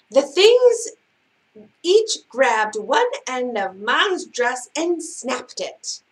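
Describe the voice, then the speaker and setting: A woman librarian reads a picture book aloud for children at story time, expressive and given to big exclamations. Her voice sits high and her pace is slow and deliberate.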